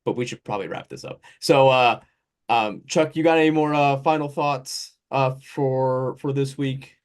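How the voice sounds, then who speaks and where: A man hosting a relaxed sports podcast, with a voice that sits right in the middle of the usual range. He rambles along in a loose, conversational way, drifting through lists and side remarks as he goes. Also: medium pitch, moderate pace, clean tone. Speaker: podcast host. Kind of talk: casual sports podcast chat.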